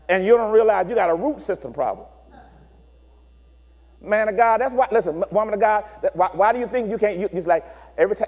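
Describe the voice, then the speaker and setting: A man's voice: high voice, long reverb tail. A man preaching a sermon, acting out children and couples as he explains. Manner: animated preacher acting out voices of children and partners. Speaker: pastor.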